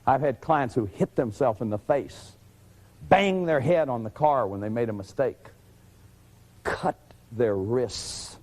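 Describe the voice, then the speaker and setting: A man's voice: mid-range voice, expressive, measured pace, a little mellow. A middle-aged man giving an earnest, confessional lecture on family therapy, often repeating his key phrases. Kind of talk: lecture to a live audience.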